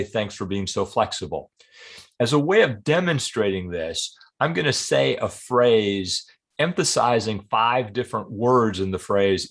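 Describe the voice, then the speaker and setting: A middle-aged man with a somewhat low voice talks straight to camera as a communication trainer. He explains in a clear, measured way, like a short scripted lesson. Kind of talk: scripted talking-to-camera tip.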